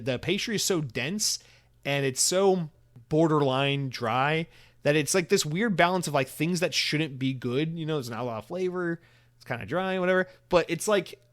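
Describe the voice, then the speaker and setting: A young American man hosting a solo podcast, talking casually in a rambling, profane way, full of restarts and fillers. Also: a little high. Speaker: podcast host.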